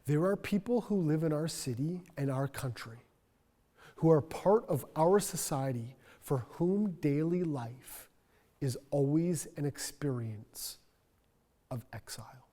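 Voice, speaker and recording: A male pastor preaching a sermon in a church, earnest and reflective, dropping to a soft voice for emphasis. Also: on the high side, measured pace, long reverb tail. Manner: earnest, reflective, soft-spoken at key points. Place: church sanctuary.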